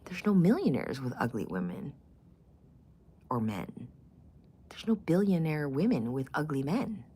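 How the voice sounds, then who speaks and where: A woman's voice: low voice, very animated, measured pace, dark tone, a little hiss or hum. A middle-aged woman vlogging in casual chat, blunt, profane and opinionated.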